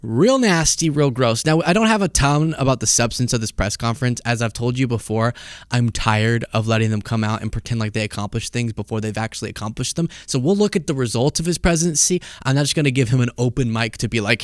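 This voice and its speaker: Sarcastic, animated male commentary host. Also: medium pitch, quick pace, no echo, studio quality. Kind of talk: casual political commentary.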